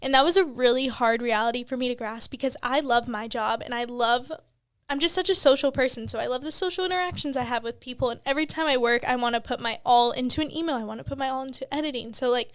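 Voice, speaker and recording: Young mom podcaster, high clear voice, rambly, says like a lot, dry close mic. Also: female voice, fast, dry recording. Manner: rambling, heavy on "like", swears freely. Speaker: podcast co-host, new mom. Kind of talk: candid casual chat.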